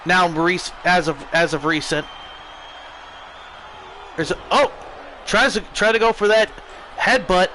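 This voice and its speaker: Excitable American man calling wrestling. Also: high-pitched, a little slow, pauses often, a little hiss or hum, poor audio. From United States. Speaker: streamer. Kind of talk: wrestling play-by-play commentary.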